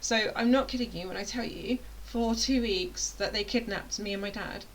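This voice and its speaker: A woman's voice: medium pitch, moderate pace, poor audio. A British woman talks straight to her students as an online course tutor. Her delivery is loose, rambling and playful, and she often stops herself mid-sentence. A faint hiss sits under her voice. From United Kingdom. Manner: rambling, self-interrupting, playful. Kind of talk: casual chatty explainer.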